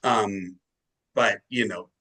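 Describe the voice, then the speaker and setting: A man's voice: on the low side, takes it slowly, sharp tone, breathy edge, poor audio. A male musician being interviewed, telling long rambling anecdotes in casual chat and swearing freely. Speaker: musician guest.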